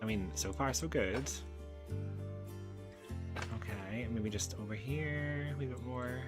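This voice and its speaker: A man with a mid-range voice speaks slowly while playing, as game music plays behind him. This gaming YouTuber is chatty, describing every click and step in casual commentary and talking affectionately to the on-screen animals.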